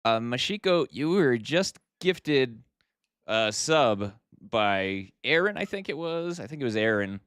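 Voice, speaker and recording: A man's voice: mid-range voice, very animated, measured pace, a bit bright, clear, resonant tone, dry recording, clean studio sound. A man chatting casually with his viewers during a live game stream, thanking them and thinking aloud as he plays. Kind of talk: casual live-stream chat while gaming. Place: home streaming setup.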